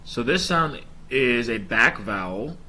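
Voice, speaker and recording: A man's voice: medium pitch, lively intonation, slow pace, sharp tone. A man casually explaining his language study plan and pronunciation practice to viewers, with chatty filler ums. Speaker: language learner vlogger.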